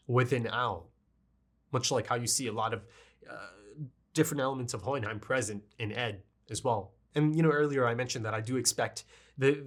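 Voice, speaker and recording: A man giving an emotional, rambling review of an anime episode, choked up and often checking in with his listeners. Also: mid-range voice. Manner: emotional, rambling, fond of asking "right?". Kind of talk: casual review monologue.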